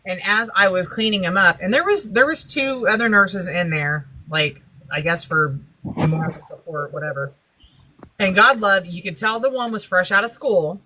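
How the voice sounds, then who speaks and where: A woman's voice: mid-range voice, sharp tone, a little hiss or hum, poor audio. A woman telling a wry, folksy story in casual chat. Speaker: widowed guest, former nurse.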